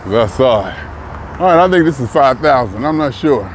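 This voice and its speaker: A man in his early sixties talks bluntly in a relaxed vlog monologue, often breaking into a chuckle. His voice sits at an ordinary pitch. He is out walking, with faint traffic heard behind him. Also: brisk. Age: 60s. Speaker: vlogger. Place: outdoors, walking.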